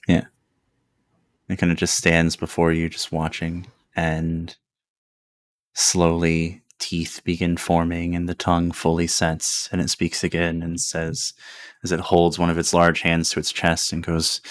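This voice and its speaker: A man's voice: low-pitched, monotone, unhurried, dry recording. A man running a tabletop game as game master, describing a strange creature in a laid-back way and laughing often.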